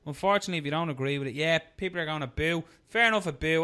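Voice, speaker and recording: A man with an Irish accent co-hosting a casual fight-sports podcast, swearing freely and slipping into quick impressions. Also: on the high side, clean tone. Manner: swears freely, animated, mimics people in quotes. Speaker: podcast co-host. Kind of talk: casual chat.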